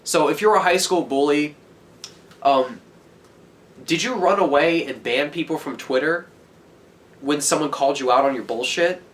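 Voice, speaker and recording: A teenage boy in a heated, profane rant, yelling at the camera as a vlogger. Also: a little high, normal speed, pauses often. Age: teens.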